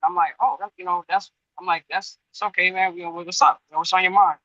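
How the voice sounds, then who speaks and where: A man tells a story to a group in loose, rambling fashion, backing up and restarting and stopping to ask his listeners questions. His voice is very bright and sharp. The sound is dry and a bit dull and lo-fi. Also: sits high, fairly even intonation, quick pace, dry recording. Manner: rambling, frequent restarts, addresses listeners directly. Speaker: Muay Thai gym trainer.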